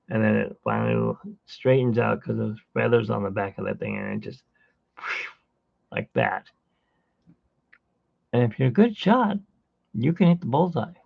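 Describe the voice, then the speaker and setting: A man's voice: lowish voice, vocal fry, no room sound, highs cut off. A tired man who got little sleep, hosting a live drawing stream and chatting casually in a rambling way as he works. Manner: rambling storyteller, hums while working.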